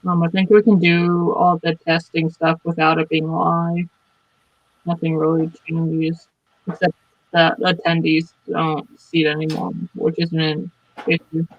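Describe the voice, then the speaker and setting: Man, flat monotone with gravelly fry, dry dull webcam-mic sound, relaxed tech-check chat. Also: fairly high pitch, unhurried, no room sound. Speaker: tech support on a livestream team. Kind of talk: casual video-call tech check. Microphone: webcam mic on a video call.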